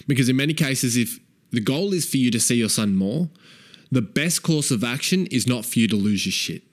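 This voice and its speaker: A man coaching fathers in a frank, profane way. He keeps asking "right?" and repeats key phrases for emphasis. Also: medium pitch. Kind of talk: direct-to-camera advice talk.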